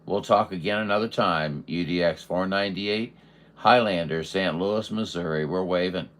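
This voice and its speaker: A man's voice: low voice, normal speed, a bit bright. A man working amateur radio contacts, chatting in a folksy way with lots of fillers.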